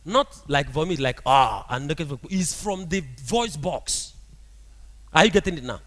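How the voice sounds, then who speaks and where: A man preaching a sermon as a prophet, animated and often asking the congregation rhetorical questions. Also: on the high side, unhurried, in a large hall.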